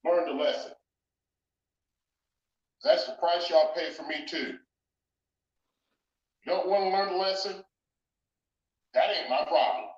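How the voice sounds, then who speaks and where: Emphatic, mocking male co-host, slightly high voice, far from mic in a roomy space. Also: a little slow, long pauses. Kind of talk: heated opinion rant. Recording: roomy, distant, dull audio.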